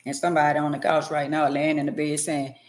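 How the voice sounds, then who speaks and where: A woman's voice: low voice, quick pace. Slangy woman doing a comedy monologue. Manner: animated, slangy, shifts loud and quiet. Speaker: comedic vlogger. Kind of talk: comedic monologue acting out both partners.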